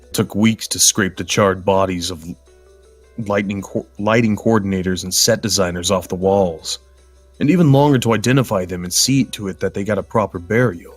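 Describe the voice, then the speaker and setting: A man's voice: deep voice, moderate pace, faint music behind. A man reading a horror story aloud in a grim, bitter, world-weary voice, then chatting casually with his co-hosts. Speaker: guest storyteller.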